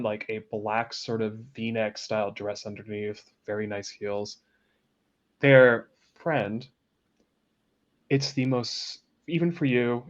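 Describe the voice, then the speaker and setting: A man narrating a tabletop roleplaying game as game master, describing scenes in a lively, chatty way. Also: mid-range voice, dull audio. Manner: lively, descriptive, laughs easily.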